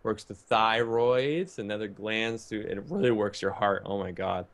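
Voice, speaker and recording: A man's voice: fairly low pitch, normal speed, a bit bright. A man co-hosting a podcast, explaining an idea in a meandering way with many fillers and restarts. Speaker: podcast co-host. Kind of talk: casual chat.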